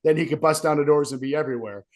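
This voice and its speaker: A man's voice: fairly high pitch, very fast, darkish tone. A young man, a wrestler with sore ribs, rambling and self-pitying in a casual interview. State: sore ribs, wincing in pain.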